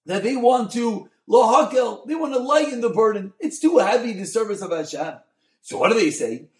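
A man, a rabbi, giving a Torah class on a Mussar text, mixing Hebrew terms into English and swinging from soft to loud. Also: high-pitched, roomy sound. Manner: expressive, dynamic delivery, swings from soft to loud.

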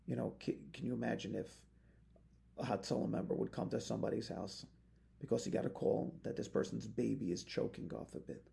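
A man's voice: on the low side, fairly even intonation, brisk, gravelly, warm tone. A man, a rabbi, teaching a Torah lesson with passion, weaving Hebrew phrases into his English and building to emphatic peaks.

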